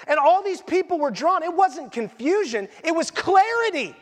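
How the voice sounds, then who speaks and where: High-voiced preacher in an echoing hall. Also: male voice, normal speed, few pauses. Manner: conversational, animated preaching with asides. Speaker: pastor. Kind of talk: sermon. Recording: long reverb in a large hall.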